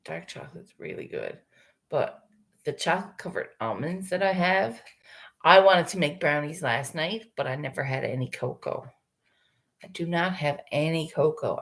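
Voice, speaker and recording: A woman's voice: low-pitched, vocal fry. A woman casually chatting with her livestream viewers, rambling, swearing freely and laughing often.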